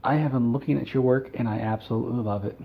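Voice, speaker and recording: Casting: man voicing a sneaky giant rat king, hushed and plotting, mid-pitched, slightly muffled lo-fi sound. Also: fairly even intonation, fast, gravelly, slight background noise, natural voice. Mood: scheming. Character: scheming male rat king, gigantic and sly.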